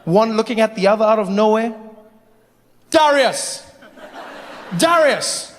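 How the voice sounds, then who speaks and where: Animated high-voiced male stand-up comedian. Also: fast talker. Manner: animated, mocking, rising to shouts. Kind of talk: stand-up routine. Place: live comedy stage. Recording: reverberant theater with faint noise.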